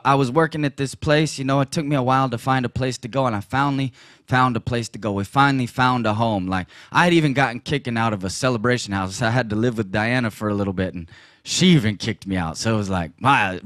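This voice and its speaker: A man giving a personal testimony at a church gathering, telling the story with laughs and sudden loud bursts. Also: mid-range voice, no room sound, clean studio sound.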